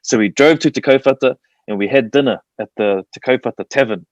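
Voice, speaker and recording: A man's voice: mid-range voice, brisk, dry recording. New man with a dull, dry sound. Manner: animated storyteller, says "bro" a lot. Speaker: guest, TV presenter. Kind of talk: casual interview chat. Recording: dull lo-fi stream audio.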